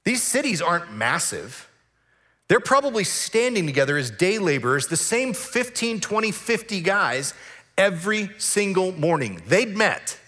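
Animated preaching man, fairly high voice. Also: a little slow. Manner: animated, acts out voices of complainers. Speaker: pastor. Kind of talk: sermon.

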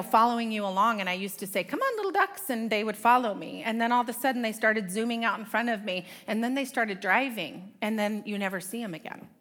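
A woman's voice: medium pitch, a bit bright. A middle-aged woman giving a conversational Bible teaching talk to a women's group, with self-deprecating asides to her audience. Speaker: women's ministry speaker.

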